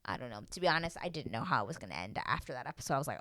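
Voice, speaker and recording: Woman, low voice, chatty TV recap, dry close mic, animated. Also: fairly quick, long pauses, no room sound. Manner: chatty, animated, acts out quotes in put-on voices. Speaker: reality TV recap host. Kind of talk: casual recap vlog.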